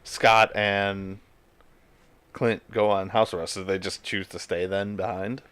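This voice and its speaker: A man co-hosting a podcast who chats casually about a film, asks quick questions and laughs often. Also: fairly low pitch, little pitch movement, fairly bright tone, clear, resonant tone, no room sound. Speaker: podcast co-host. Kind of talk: casual movie review chat.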